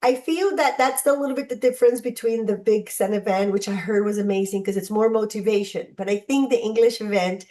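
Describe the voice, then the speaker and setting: A woman's voice: mid-range voice, brisk, hardly any pauses, mellow. A woman hosting a group video call, chatty and encouraging, speaking to the members by name. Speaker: host of a mentoring call. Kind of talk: casual motivational talk on a group call.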